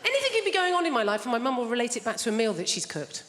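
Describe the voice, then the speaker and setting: A woman's voice: a little high, very animated, very fast, a faint crowd. Brash, chatty female stand-up, in a long hall echo. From England. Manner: brash, chatty, teasing the audience. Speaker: stand-up comedian. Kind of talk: stand-up comedy. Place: large theatre stage. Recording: reverberant theatre with loud noise.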